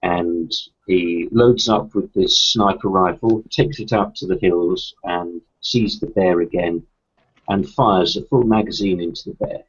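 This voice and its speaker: A man telling a joke in a deadpan manner during a tabletop game. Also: low-pitched, unhurried, husky. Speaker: player. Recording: dull lo-fi recording.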